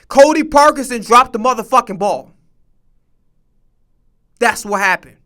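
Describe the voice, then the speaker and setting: Fired up streamer guy cussing and hammering the same point, sharp tense voice. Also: extremely high pitch, expressive, measured pace. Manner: heated, emphatic, repeats himself, swears a lot. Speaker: streamer reacting to a sports show. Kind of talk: profane casual reaction commentary.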